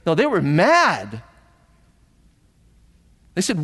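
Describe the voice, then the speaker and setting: Middle-aged male pastor, lively animated sermon delivery, slightly high voice, long church-hall reverb. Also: slow pace, pauses often. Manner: animated storytelling, acting out voices with big pitch jumps.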